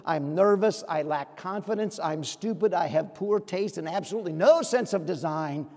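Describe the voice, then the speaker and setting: A man quoting a gloomy, insecure cartoon boy listing his own failings, in a high voice with a long church echo. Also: normal speed, darkish tone. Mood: self-deprecating. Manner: self-deprecating list of complaints.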